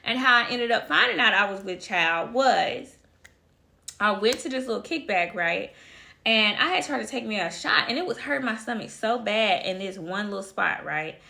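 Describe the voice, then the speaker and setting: A woman's voice: a little high, gravelly, pushed and bright. A woman casually telling a personal story to her viewers, chatty and talking to them directly as y'all. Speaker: vlogger.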